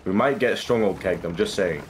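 A young man with a lowish voice streams a game and chats casually with his teammates, excitable and quick to swear, breaking into sudden loud bursts. Boat and water game sounds come through clearly beneath him, along with a little hiss or hum.

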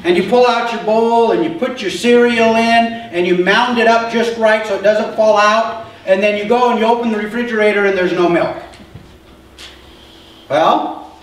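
A man with a high voice preaches a sermon in a relaxed, chatty way, often asking his listeners whether they follow. He is picked up from a distance in a very echoey church hall. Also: normal speed, a little hiss or hum. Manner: conversational preaching, asks the congregation questions. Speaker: pastor.

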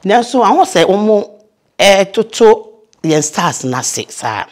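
Older actress, lively storyteller, chatty guest on an interview. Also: female voice, medium pitch, slow. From Ghana. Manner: lively storyteller, mixes in English phrases. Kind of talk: casual interview, reminiscing.

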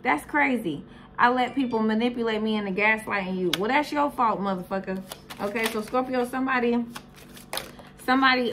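A woman's voice: a little high, a bit bright. Blunt, profane woman reading tarot cards. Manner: blunt, profane, repeats "okay?" and "Scorpio". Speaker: tarot reader.

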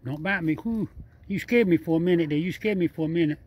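Guy outside at night sweet-talking a critter, says everything twice, keeps chuckling, voice sits a bit high. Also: fast, slightly rough, dull audio. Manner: chatty and repetitive, coaxing and laughing, nonstandard speech. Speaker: vlogger feeding a wild raccoon. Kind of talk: casual running commentary to camera and animal. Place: outdoors at night.

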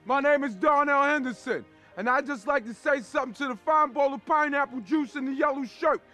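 A brash, high-voiced streetwise braggart. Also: male voice, moderate pace, breathy edge, soft background music, exaggerated voice. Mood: showing off. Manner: boastful, crude, loud and animated. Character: brash streetwise man coaching his friend on women. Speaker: film character. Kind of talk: comedy film acting.

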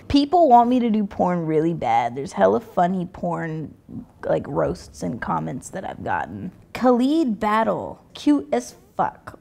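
Laid-back sarcastic young woman with gravelly fry. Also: medium pitch, darkish tone. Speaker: musician reading comments. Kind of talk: casual reaction commentary.

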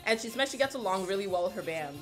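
A woman reaction vlogger in casual, playful commentary, excitable and quick to laugh and whoop. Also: mid-range voice, over music. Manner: chatty and playful.

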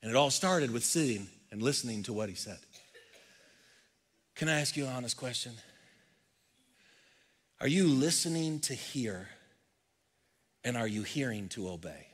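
Man preaching, swinging from loud to hushed. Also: medium pitch, lively intonation, normal speed, long pauses, slightly rough. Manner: reads scripture aloud, repeats phrases softly for effect. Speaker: pastor. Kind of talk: sermon. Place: church stage.

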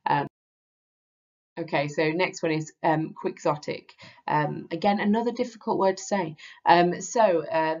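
Low, gravelly woman teaching. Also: a little mellow. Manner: hesitant, many ums and restarts. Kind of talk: casual spoken lesson. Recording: slightly dull lo-fi audio.

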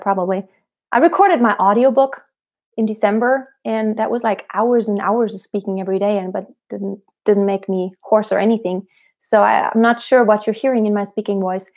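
A woman vocal coach on a live stream, giving direct, earnest motivational advice and speaking up loudly to her viewers. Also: on the high side.

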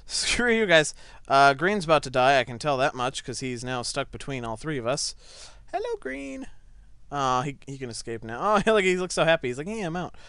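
A young man commentating his own gameplay, excitable, breaking into yelps and laughter, on a desk mic set back a little. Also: medium pitch, fairly quick, smooth, dry recording. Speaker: gaming channel host. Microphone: desk microphone set back a little.

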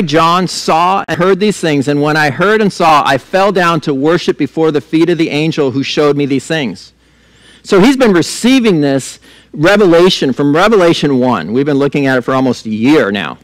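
A man's voice: fairly high pitch, no room sound. A middle-aged male pastor preaching a sermon in a conversational way, with laughing asides and repeated words as he restarts.

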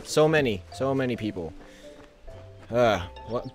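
A man's voice: mid-range voice, lively intonation, measured pace, pauses often, faint music behind. A man recording let's play commentary, goofy and laughing, mock-outraged at the game. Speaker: gaming channel host.

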